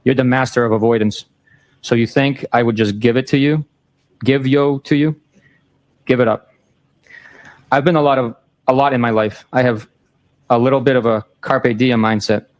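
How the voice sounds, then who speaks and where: Into a courtroom mic, a man works through a run of text messages at a moderate speed. He keeps the reading flat and factual, teasing lines included, in an everyday mid-range pitch, announcing each date and time plainly ahead of the messages.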